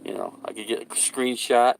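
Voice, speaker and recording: A man's voice: medium pitch, steady tone, normal speed, vocal fry, a little hiss or hum. A man chatting casually for his vlog, rambling loosely, swearing and laughing at his own jokes. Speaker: vlogger.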